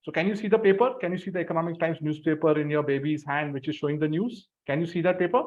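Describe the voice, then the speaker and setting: A man leading a group through a guided visualization exercise, giving slow breathing cues. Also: fairly high pitch, a little mellow. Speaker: workshop facilitator. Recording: dull lo-fi sound.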